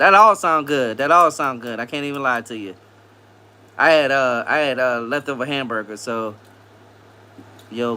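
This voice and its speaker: A man hosting a casual live stream, reading viewer comments aloud, greeting people by name and repeating phrases in a relaxed way. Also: medium pitch.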